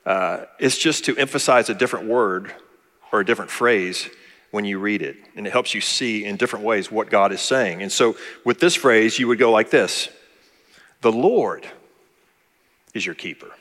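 A man's voice: lowish voice, moderate pace, a bit bright, big-room sound. A male pastor preaching a sermon in a conversational, thinking-aloud way, sometimes repeating words as he goes.

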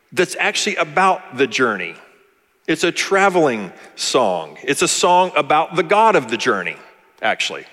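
A man's voice: medium pitch, fairly bright tone, long reverb tail. A male pastor preaching a sermon in a conversational, thinking-aloud way, sometimes repeating words as he goes.

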